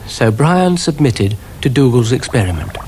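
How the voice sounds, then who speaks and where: A British man narrating a children's stop-motion story in a dry, gently wry manner. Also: mid-range voice, very animated, normal speed, slight background noise.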